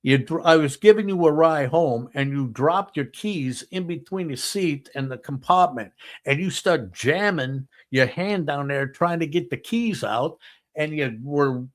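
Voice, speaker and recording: Brief: crude cursing mobster, as a man retells it, voice pushed higher. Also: a little fast, hardly any pauses, lightly acted. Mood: angry. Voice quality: profane, shouty retelling.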